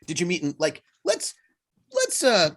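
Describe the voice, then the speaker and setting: An eager facilitator leads a planning chat for a tabletop game. The voice swings widely in pitch and carries a husky breathiness. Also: wildly swooping pitch, measured pace, a bit bright. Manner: eager, probing questions.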